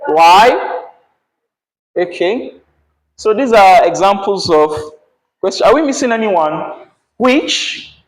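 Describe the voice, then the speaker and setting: Man, teacher, unhurried delivery, echoey classroom. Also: high voice, expressive. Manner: patient, checks in with frequent "yeah?" and "right?".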